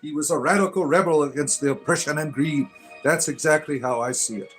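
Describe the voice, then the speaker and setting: An older man rambling through mock-spiritual replies to comments, halting and chuckling, with an irreverent deadpan manner. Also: fairly high pitch, soft background music. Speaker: comedic spiritual character responding to comments. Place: Ireland.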